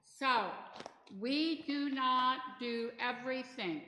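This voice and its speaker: A middle-aged woman with a bright, forceful, slightly high voice leads a church training session. She talks in a chatty way, wandering into stories and asides. The sound comes from a roomy hall with a long tail of reverb. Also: slow, a little hiss or hum. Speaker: disaster response trainer. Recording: echoey hall.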